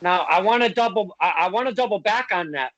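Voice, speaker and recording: High-voiced teasing male host, dry sound. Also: animated, fast, fairly bright tone, dry recording, highs cut off. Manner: joking, teasing, with fillers. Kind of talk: casual podcast hosting.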